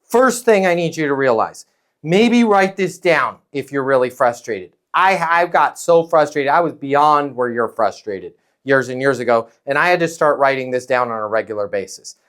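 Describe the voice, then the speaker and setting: A man coaching a live audience on sales, energetic and direct, repeating his key lines. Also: mid-range voice, normal speed. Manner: energetic, acts out sales calls.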